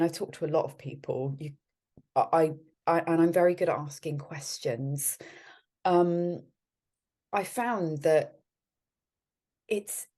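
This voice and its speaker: A woman guest in an interview, with a low, mellow voice. She talks in a friendly, easygoing way, often restarting her sentences and laughing. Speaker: guest, art curator.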